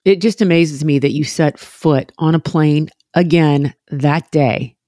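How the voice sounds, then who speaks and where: A woman's voice: sits low, unhurried, warm tone, no echo, clean studio sound. A woman hosting an interview, affirming her guest and repeating her questions. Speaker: interviewer host.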